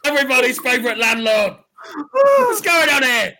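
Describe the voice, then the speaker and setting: A man's voice: high-pitched, lively intonation, moderate pace, creaky, sharp tone, full character voice. A man doing a blustering, rude pub landlord. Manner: blustering, boastful.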